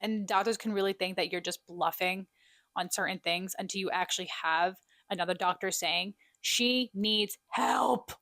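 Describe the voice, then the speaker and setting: A woman's voice: on the low side, brisk, no echo. Young woman podcast host, chatty and joking at herself, dry close mic. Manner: chatty, self-deprecating, animated storyteller. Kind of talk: casual solo catch-up chat.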